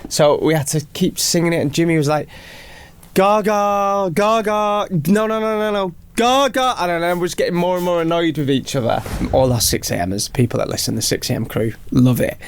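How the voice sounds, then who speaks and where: A man's voice: a little high, fast, vocal fry, few pauses. A man co-hosting a podcast, chatting casually and telling rambling stories. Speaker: co-host.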